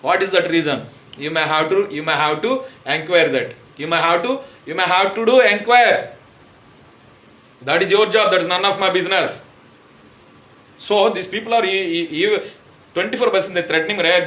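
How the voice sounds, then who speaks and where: An Indian man with an Indian English accent speaks a personal testimonial in a high, strained register. He pleads urgently and keeps circling back to repeat his words. His voice rings around an echoey room. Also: moderate pace, pushed and bright.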